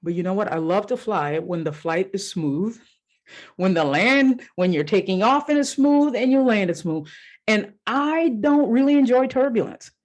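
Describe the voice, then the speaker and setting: A woman's voice: mid-range voice, lively intonation, normal speed, lo-fi sound. A woman coach hosts her podcast alone and talks straight to the listener. She tells her stories in a loose, candid way, with a swear word here and there. Now and then she acts out her own inner voices. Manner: casual and candid, with mild swearing. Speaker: life coach and podcast host. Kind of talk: solo podcast monologue.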